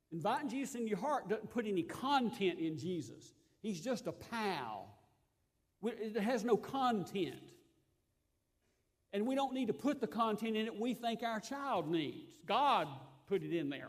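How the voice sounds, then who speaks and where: Guy preaching a sermon, pretty high voice, gets loud then goes quiet, drifts off mic sometimes. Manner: earnest, swings between loud emphasis and soft asides. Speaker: pastor.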